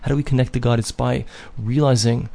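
Gravelly-voiced man telling a sermon story. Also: mid-range voice, little pitch movement, fairly quick, dark tone. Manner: conversational, mixes in Hebrew and Yiddish terms. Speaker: Torah teacher.

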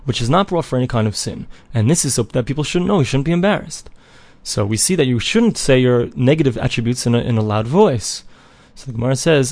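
A man of middle pitch teaches a classical text. He reads each phrase with an Ashkenazi Hebrew pronunciation and then explains it in plain English. The recording is dry, with no room around the voice. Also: a little mellow, no room sound. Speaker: Talmud teacher. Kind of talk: reading and translating a text line by line.

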